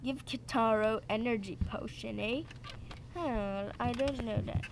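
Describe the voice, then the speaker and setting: Slow playful woman gaming host. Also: a little high, vocal fry, background noise. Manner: playful, repeats lines, sudden yelps. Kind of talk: let's play commentary.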